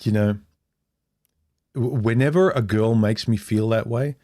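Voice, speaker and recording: A man's voice: fairly low pitch, a little slow, darkish tone. A middle-aged man telling a personal story on a casual livestream, frank and rambling, restarting his sentences as he goes. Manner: rambling, frank, restarts often and acts out quoted speech. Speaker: vlogger.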